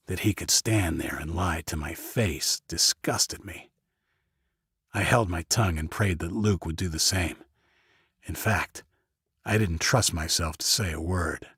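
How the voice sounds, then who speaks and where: Low, husky man for first-person audiobook narration, dry booth sound. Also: unhurried, a bit bright, dry recording.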